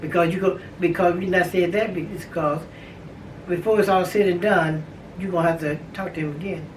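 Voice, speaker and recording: A woman's voice: lowish voice, steady tone, normal speed, distant mic. An older woman, the host's grandmother, giving consoling family advice in a soothing, insistent way and repeating short phrases. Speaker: grandmother of the host. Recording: echoey room, voice from off-mic, faint hiss.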